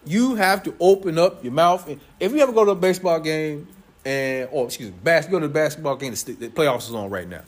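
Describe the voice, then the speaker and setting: A young man preaching a sermon to his congregation, loud and playful, joking with them as he goes. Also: a little high, lively intonation, fast talker. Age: young adult.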